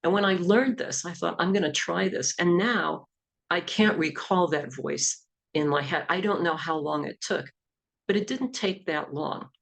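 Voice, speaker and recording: A woman's voice: lowish voice, a little slow, vocal fry. A middle-aged woman, an executive coach and hypnotherapist, explaining self-help techniques in an easygoing talk.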